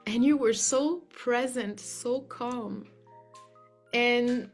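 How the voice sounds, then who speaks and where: Woman talking earnest and gushy, kinda high voice, lots of "like", soft music underneath. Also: extremely slow. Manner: earnest and effusive, many "like" fillers. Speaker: client giving a testimonial. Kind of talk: heartfelt spoken testimonial.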